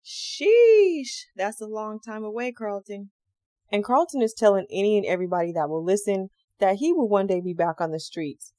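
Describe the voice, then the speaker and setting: Woman podcast host, casual true crime storyteller, slangy and animated, dry close mic. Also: fairly low pitch, no room sound. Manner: animated, slangy, acts out quotes.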